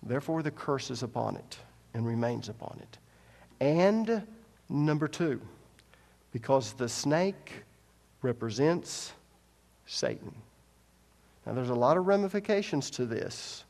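A pastor preaches a sermon in a fairly high, sing-song voice that's a little mellow, with vocal fry and a moderate pace. He is emphatic, repeats his key points and poses rhetorical questions to the congregation. A large hall gives the recording a long reverb.

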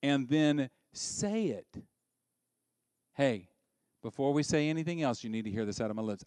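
A middle-aged man preaching a sermon, swinging from soft asides to loud, emphatic peaks. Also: medium pitch, expressive, normal speed, pauses often, dry recording. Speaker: pastor.

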